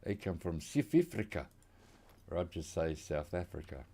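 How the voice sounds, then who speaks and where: A man's voice: low-pitched, sing-song, normal speed, dark tone. An Australian man rambling casually while he plays a hunting game, drifting into side chat. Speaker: gaming channel host. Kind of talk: casual gameplay commentary.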